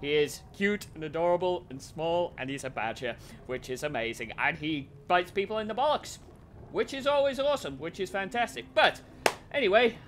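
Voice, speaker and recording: A young man commentating a game he plays, excitable and swearing, shouting at and cooing to his pet. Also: high voice, normal speed, a little hiss or hum. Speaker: gaming video host. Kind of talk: excited let's-play commentary.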